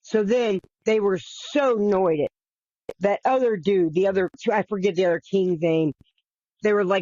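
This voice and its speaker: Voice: medium pitch, normal speed, warm tone, no room sound. A podcast host retelling a bible story in a casual, earnest way, with frequent restarts, repetition and the odd swear. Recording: dull, dry lo-fi recording.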